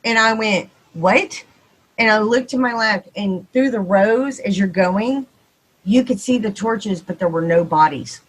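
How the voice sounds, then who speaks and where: Husky Texan woman telling a ghost story. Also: medium pitch, rough recording. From Texas. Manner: animated, quick, acts out dialogue. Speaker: podcast guest. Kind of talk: casual storytelling.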